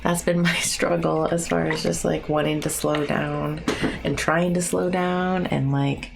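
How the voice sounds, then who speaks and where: A woman's voice: deep voice, little pitch movement, measured pace, creaky, noisy background. A woman in her thirties chatting casually with her live-stream viewers while she paints. She is chatty and self-mocking, and she talks to chat between brushstrokes. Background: soft music.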